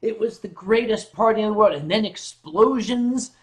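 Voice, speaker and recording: A man's voice: high voice, normal speed, rough recording. A man hosting a casual livestream, joking with a co-host and reading chat messages aloud. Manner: jokey, reads chat aloud, bursts into loud mock shouting.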